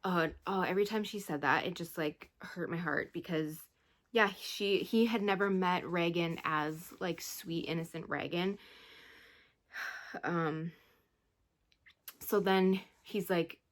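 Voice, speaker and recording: A woman's voice: fairly low pitch, slow. A woman vlogger chatting casually about a book she read, retelling it in a rambling, emotional way with sighs. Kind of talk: casual book review chat.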